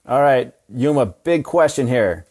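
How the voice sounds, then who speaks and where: A man co-hosting a podcast, loud and joking, asking crude questions. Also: mid-range voice, lively intonation, a little slow. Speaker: podcast co-host. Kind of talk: casual chat.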